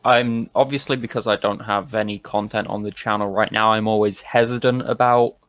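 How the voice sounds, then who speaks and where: A British man answering interview questions in a thoughtful, hesitant way, often pausing to find his words. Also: on the low side, steady tone, no room sound, muffled recording. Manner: thoughtful, hesitant, many ums and restarts. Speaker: interview guest. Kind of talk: casual online interview chat.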